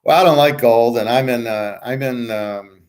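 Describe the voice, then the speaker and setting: A man's voice: medium pitch, moderate pace, darkish tone, slight background noise. A middle-aged man ranting casually as a sports-picks host, blunt, boastful and profane, rambling from one point to the next. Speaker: sports betting tipster and host.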